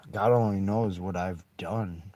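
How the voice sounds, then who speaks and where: A man's voice: low-pitched, slow, mellow. A man in a rambling, bitter monologue, swearing heavily and breaking into short laughs. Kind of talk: angry monologue.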